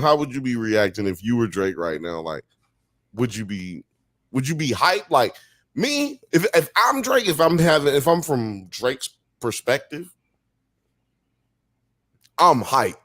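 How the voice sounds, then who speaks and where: A man co-hosting a casual live podcast, talking in animated, slangy style and firing off rhetorical questions. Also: medium pitch, a little slow, no echo, clean studio sound. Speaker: podcast co-host. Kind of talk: casual chat on a live stream.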